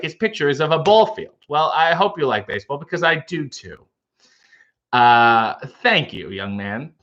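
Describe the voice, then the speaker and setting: A man's voice: medium pitch, fairly bright tone, muffled recording. A man hosting a casual livestream, making coffee and reading out viewer comments with playful, wry asides. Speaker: livestream host reading chat.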